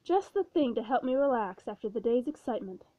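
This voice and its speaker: A woman voicing a calm, cheerful male panther who stays polite and unbothered. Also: on the high side, fairly quick, no room sound. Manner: unflappable and polite. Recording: dull, dry recording.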